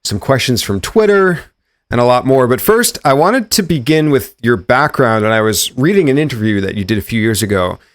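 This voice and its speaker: A man's voice: mid-range voice, expressive, normal speed, dry recording. A man hosting a podcast interview, introducing his guest and asking questions in an upbeat way. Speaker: podcast host.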